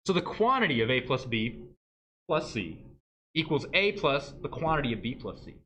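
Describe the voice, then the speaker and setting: A man's voice: mid-range voice, very animated, moderate pace, sharp tone. A male math teacher giving a livestreamed lesson in a joking way, often checking in with "right?". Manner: joking, asks "right?" constantly.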